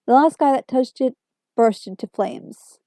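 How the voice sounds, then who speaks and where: A blunt, matter-of-fact male lab worker, voiced by a woman reading aloud. The voice is mellow and a little high, close and dry. He states grim facts plainly. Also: measured pace, no echo.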